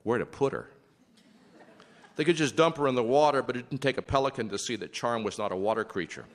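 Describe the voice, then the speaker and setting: A man's voice: medium pitch, a little fast. A man telling a traditional animal tale aloud, with wry, humorous asides to the listener. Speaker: storyteller. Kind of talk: storytelling narration.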